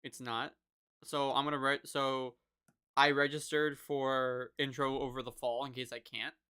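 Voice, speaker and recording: Bright, smooth young man chatting. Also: mid-range voice, level tone, a little slow. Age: young adult. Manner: laid-back, swears casually. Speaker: livestream host. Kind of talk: casual chat.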